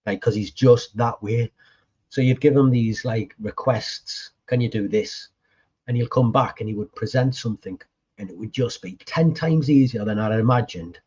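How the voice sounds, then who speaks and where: A man talks in a relaxed, chatty way on a podcast, swearing freely and acting out old conversations line by line. His voice is warm and mellow with a husky edge. The audio sounds dull and lo-fi. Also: mid-range voice, moderate pace. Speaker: podcast co-host appearing as guest. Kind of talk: casual storytelling chat.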